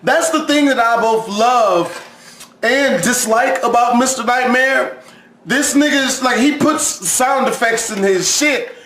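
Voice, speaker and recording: A high-voiced man tears into a scary story with crude, profane jokes, breaking into loud shouts and mocking voices. The sound carries a roomy echo around him. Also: takes it slowly, slight background noise. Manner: crude, loud outbursts, mock voices of others. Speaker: reaction video host. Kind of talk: profane comedic reaction commentary.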